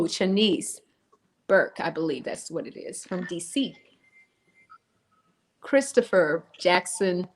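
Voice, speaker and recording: A woman's voice: mid-range voice, vocal fry, slight background noise. A woman co-hosting a live stream, chatty and laughing as she greets viewers by name. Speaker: co-host. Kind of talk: live-stream chat, reading out viewer names.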